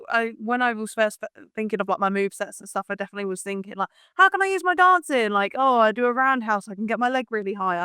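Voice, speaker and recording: A woman's voice: medium pitch, smooth, no echo, studio quality. A young woman chatting as a podcast guest, talking freely with lots of "like" fillers. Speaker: podcast guest, pro wrestler. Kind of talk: casual chat.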